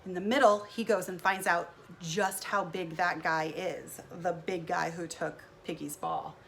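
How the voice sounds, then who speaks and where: A woman's voice: on the low side, steady tone, measured pace, gravelly, fairly bright tone, a little hiss or hum. A woman teaching first graders, narrating cheerfully as she draws. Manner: cheerful, narrating while drawing. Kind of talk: recorded lesson with drawing.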